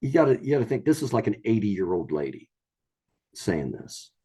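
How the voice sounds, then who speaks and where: Low, dark-voiced man telling a story. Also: big pitch swings, moderate pace, slightly rough. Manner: rambling, repeats words and restarts, acts out quoted voices. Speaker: storyteller guest. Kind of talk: casual storytelling.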